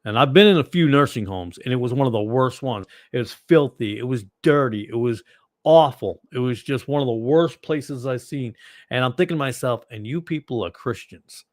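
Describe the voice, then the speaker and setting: A man with a Boston accent hosting a ministry livestream, chatting casually and answering viewers in a rambling, digressive way with sudden loud bursts. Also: medium pitch, normal speed, dry recording, clean studio sound. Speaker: ministry host.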